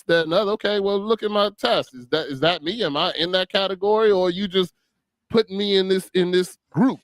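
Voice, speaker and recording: Man, forties, lively storyteller, higher voice, dry close sound. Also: fairly quick, dry recording. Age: 40s. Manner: animated storytelling, acting out quotes. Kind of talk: casual chat.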